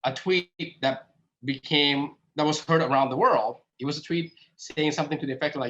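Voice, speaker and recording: A man telling his own story in a relaxed, conversational way, full of fillers and acted-out exchanges. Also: a little high, brisk, muffled recording. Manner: conversational, many fillers, acts out quoted exchanges. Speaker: speaker, app founder. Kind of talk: casual storytelling talk.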